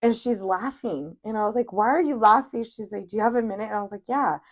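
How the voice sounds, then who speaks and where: Her medium-pitched voice moves fast as she, a thirtysomething podcast co-host, recounts family stories with gusto. The conversation is casual, full of free swearing and acted-out dialogue.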